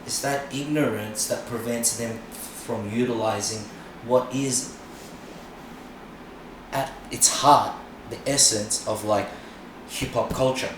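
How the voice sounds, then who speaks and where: A man's voice: mid-range voice, fairly even intonation, slow pace. A middle-aged man and podcast guest, chatting frankly and swearing freely, with lots of "you know"s. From Australia. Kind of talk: casual chat. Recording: very echoey room, mic far off, noisy.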